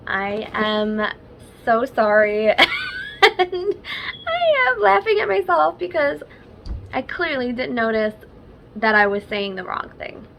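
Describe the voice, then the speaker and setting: A woman's voice: medium pitch, slight background noise. A young woman chatting casually in a personal vlog update, rambling with filler words. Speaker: vlogger.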